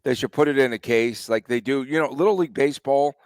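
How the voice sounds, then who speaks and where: A man's voice: mid-range voice, fast talker, no echo. A man hosting a sports podcast in casual chat, conversational and asking his co-host questions.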